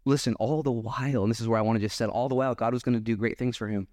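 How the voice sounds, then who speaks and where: A man preaching a sermon at his church, animated and acting out bits of dialogue. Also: medium pitch, racing, dry recording, studio quality. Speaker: pastor.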